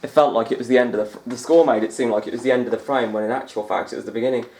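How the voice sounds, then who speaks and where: A young man gives loose, rambling let's-play commentary and laughs often. His voice sits at an ordinary mid pitch. The recording has a roomy echo. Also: fairly even intonation, very fast, darkish tone. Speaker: gaming YouTuber.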